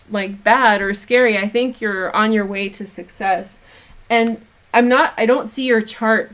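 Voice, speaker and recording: A young woman talks through a weekly tarot and astrology reading to her viewers, chatty and upbeat. Her voice sits in a middle pitch, and she laughs often and leans on fillers like "like" and "um" as she goes. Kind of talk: casual weekly horoscope reading to camera.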